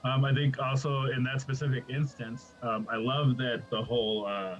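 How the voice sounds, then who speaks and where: A man's voice: mid-range voice, little pitch movement, moderate pace, muffled recording, slight background noise. A man co-hosting a podcast in casual chat, rambling from thought to thought, laughing often and checking in with "right?". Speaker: podcast co-host.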